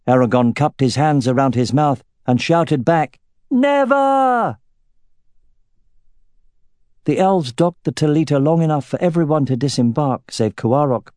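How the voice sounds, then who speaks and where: A man reading a fantasy novel aloud as the narrator, with a steady, even storytelling delivery. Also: mid-range voice, dry recording, studio quality. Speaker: audiobook narrator.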